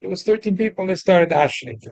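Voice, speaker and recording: A man teaching a weekly Torah class, mixing casual English explanation with rapid readings of Hebrew text. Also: sits high, lively intonation, creaky, darkish tone, no room sound, rough recording.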